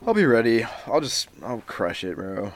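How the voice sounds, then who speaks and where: A man's voice: medium pitch, sing-song, moderate pace. A young man co-hosting a podcast, laid-back and agreeable, bantering in slang about video games. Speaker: podcast co-host. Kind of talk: casual gaming chat.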